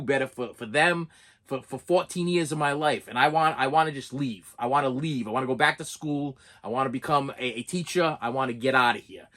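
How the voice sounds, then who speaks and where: This is a middle-aged man speaking in an emotional, personal vlog monologue. He falters, repeats his words and pushes his voice higher when something upsets him. His pitch is ordinary for a man. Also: a bit bright. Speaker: movie collecting channel host.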